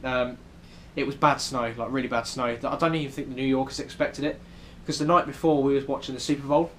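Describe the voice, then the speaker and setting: Speaking fast with fairly even intonation, a young vlogger with a British accent rambles through casual chat, dropping plenty of ums, from his hotel room in New York City. His voice is mid-range, with slight background noise present.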